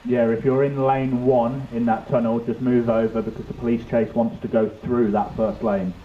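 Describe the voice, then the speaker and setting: A man's voice: mid-range voice, flat delivery. A man streaming a trucking game, chatting casually and calling out lane directions to his convoy. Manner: chatty, gives quick lane directions to the group. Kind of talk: casual voice-chat commentary. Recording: tinny echoey voice-chat audio, faint hiss.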